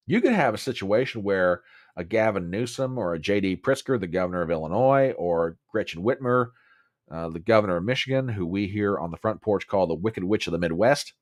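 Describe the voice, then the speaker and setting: Chatty Southern man, lively low voice. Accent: Southern American. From American South. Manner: chatty, emphatic, repeats phrases, talks to chat viewers. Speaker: host. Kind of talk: casual political commentary livestream.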